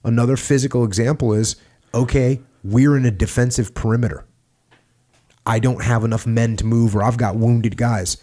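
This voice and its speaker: A man's voice: medium pitch, steady tone, moderate pace, mellow. A man hosting a podcast, talking in a casual, emphatic way and sometimes acting out barked orders. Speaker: podcast host. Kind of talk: casual conversation.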